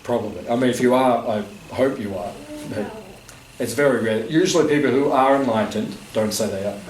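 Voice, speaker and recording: A man's voice: mid-range voice, brisk, far from the mic. A man giving an informal spiritual talk to a live audience, conversational and joking, with many fillers. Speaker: spiritual teacher. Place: gathering room at a festival. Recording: echoey room, voice from afar, faint noise.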